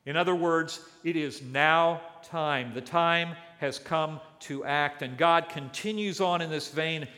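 Male preacher, slightly high voice, dramatic pauses, expository sermon, echoing church hall. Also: pushed and bright. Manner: deliberate, dramatic pauses and emphasis. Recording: long hall reverb.

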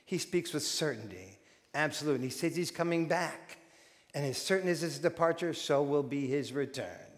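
A man preaching a sermon as pastor, animated and acting out quoted voices. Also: a little high, moderate pace. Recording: long hall reverb.

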